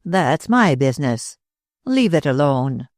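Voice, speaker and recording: A man voicing a curt, irritable young gentleman in an audiobook, speaking in a clipped, dismissive way. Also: fairly high pitch, very animated, slow, dry recording, clean studio sound. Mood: irritated.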